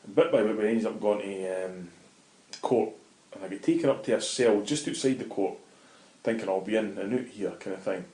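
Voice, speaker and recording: A man's voice: lowish voice, normal speed, dark tone. A middle-aged Scottish man telling a vivid, swear-laden story as an interview guest in casual talk. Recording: roomy echoey room.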